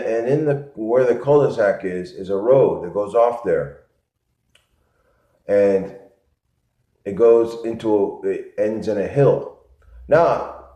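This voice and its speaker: A man from Connecticut telling a rambling, repetitive story in a low-key monologue. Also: warm tone. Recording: echoey, muffled lo-fi room sound.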